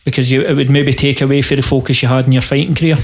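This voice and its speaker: A man hosting a casual podcast interview, asking relaxed, rambling questions. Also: medium pitch, racing. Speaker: podcast host.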